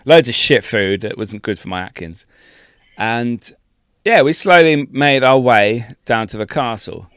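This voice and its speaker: A man co-hosting a podcast, telling a travel story in a sweary, laughing, animated way. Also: medium pitch, unhurried, smooth, dry recording. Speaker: podcast co-host. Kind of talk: casual storytelling chat.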